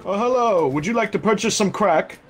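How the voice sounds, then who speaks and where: A man's voice: animated, a little fast, soft background music. A man voicing a pushy crack-dealer character who ends up begging for his life in a game. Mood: salesy. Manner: salesman patter turning to shrill begging. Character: pleading male crack-dealer player, pushy then panicked. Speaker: other game player.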